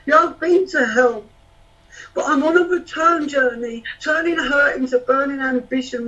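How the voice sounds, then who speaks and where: A man's voice: extremely high pitch, fairly bright tone. A man performing spoken word poetry in a rhythmic, rhyming, emotional delivery. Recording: distant, dull lo-fi sound.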